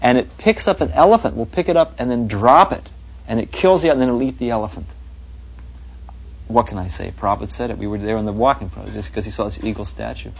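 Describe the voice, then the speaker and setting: A man's voice: fairly low pitch, quick pace, creaky, husky, dull audio. A man telling rambling, unsure anecdotes about his teacher in a reminiscing interview. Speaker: devotee recalling his teacher.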